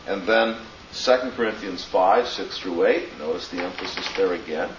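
A man's voice: deep voice, noisy background. Emphatic lecturing man in echoey classroom. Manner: emphatic and deliberate, quoting Greek phrases. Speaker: theology teacher. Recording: muffled, roomy, distant classroom recording.

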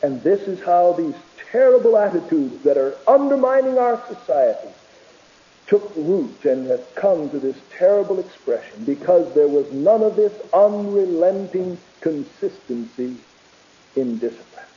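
A man preaching a sermon with emphatic delivery that swings between loud, rising peaks and quiet, low passages, sometimes reading quotations aloud. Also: expressive, unhurried. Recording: dull lo-fi recording.

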